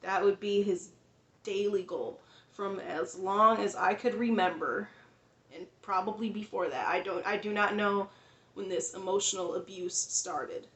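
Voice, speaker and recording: A woman's voice: medium pitch, measured pace, a bit bright, echoey room. A woman vlogger telling a personal story in a casual, rambling way, full of fillers, restarts and frequent laughs.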